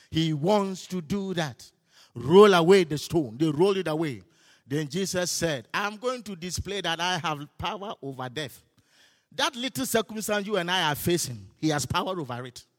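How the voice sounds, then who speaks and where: A man preaching a sermon, telling stories with laughs and shouting his declarations. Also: a little high. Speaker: pastor. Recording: hall reverb.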